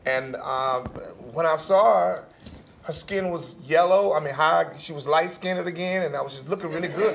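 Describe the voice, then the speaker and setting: Man, panelist, candid storytelling, laughs, mimics others in a high voice, gravelly, somewhat high. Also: normal speed, a crowd in the background. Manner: laughing, acts out quotes in a high voice.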